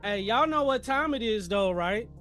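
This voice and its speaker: A man's voice: sits high, lively intonation, normal speed, fairly bright tone, faint music behind. A man hosting a trading livestream, talking energetically with lots of slang and hyping up his chat.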